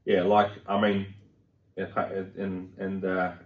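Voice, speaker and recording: Casting: deeper male podcast guest, rambly, sitting back from the mic. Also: monotone, slow, far from the mic. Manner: chatty, rambling with fillers. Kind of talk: casual football chat. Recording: roomy sound from off-mic.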